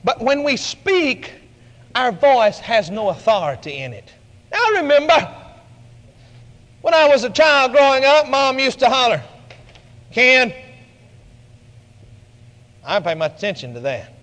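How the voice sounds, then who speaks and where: Bright high-pitched preacher man in a reverberant hall. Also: very animated, normal speed. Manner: emphatic, dramatic shifts in pitch and loudness. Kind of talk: radio sermon.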